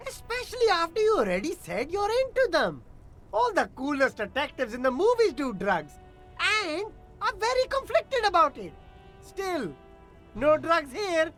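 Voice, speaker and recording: A chirpy street vendor, put on by a streamer, talks in a high, bouncy voice that swoops up and down. The delivery is playful and exaggerated, and the vendor dodges every question. Faint game music sits underneath. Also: female voice, big pitch swings, unhurried, fairly bright tone, full character voice. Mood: cheeky. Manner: playful, sing-song, exaggerated. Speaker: streamer voicing game dialogue.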